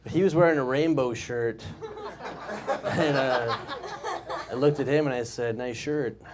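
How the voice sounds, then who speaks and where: A man's voice: medium pitch, measured pace, heavy background noise. A man, performing a casual stand-up set in a comedy club and laughing at his own jokes. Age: 20s. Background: audience laughter.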